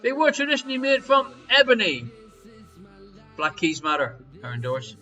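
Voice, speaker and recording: Man, quiz host, high voice, bright tone, jokey showman patter, loud sudden calls, faint music behind. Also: big pitch swings, moderate pace, lo-fi sound. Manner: jokey, showy quizmaster patter with big swings in loudness. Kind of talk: live-streamed pub quiz hosting. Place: home streaming setup.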